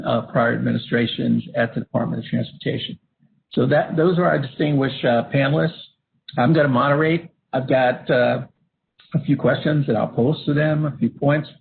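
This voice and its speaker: Halting man moderating over a phone line. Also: mid-range voice, vocal fry. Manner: halting, many fillers and restarts. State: coughing at times. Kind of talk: webinar slide presentation. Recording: phone-line audio with faint hiss.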